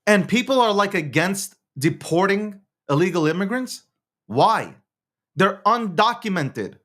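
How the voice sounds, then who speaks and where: A man's voice: sits high, big pitch swings, measured pace, a bit bright. A man hosting a show, talking in a casual political rant, swearing, laughing often and restarting his words. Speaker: show host.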